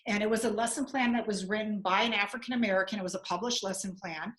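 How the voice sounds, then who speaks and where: A woman in her forties, a teacher hosting a community discussion, who talks in a halting way with many restarts. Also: mid-range voice, a bit bright, poor audio. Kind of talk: casual panel talk.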